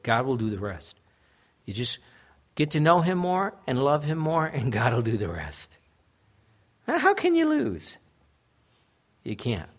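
A man's voice: medium pitch, fairly bright tone. A young adult man, a pastor, preaching a sermon in an earnest way that builds to emphatic peaks.

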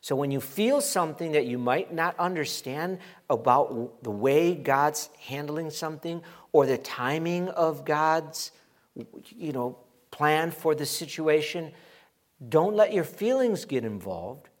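A middle-aged man preaching a sermon as pastor, animated and emphatic, acting out quoted voices. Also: fairly high pitch, measured pace.

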